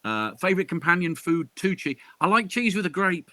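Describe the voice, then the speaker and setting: Bright, chatty man on a dry call. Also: sits high, very animated, fairly quick, dry recording. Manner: chatty, self-interrupting, jokey asides. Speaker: crime author interviewed as guest. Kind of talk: casual chat.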